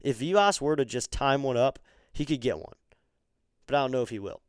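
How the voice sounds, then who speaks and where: A man calls a baseball game live for his stream audience in a smooth, resonant voice. His talk is chatty and easygoing, and it turns excitable on the big plays. The sound is dry and close. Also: medium pitch, brisk, no room sound. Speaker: fan streamer calling the game. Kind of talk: live fan play-by-play commentary.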